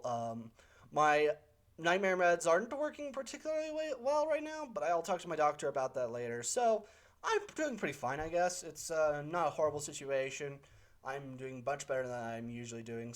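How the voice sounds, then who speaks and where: A channel host answering viewer questions in a casual, unscripted monologue, rambling and opinionated, with frequent fillers and self-corrections. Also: mid-range voice.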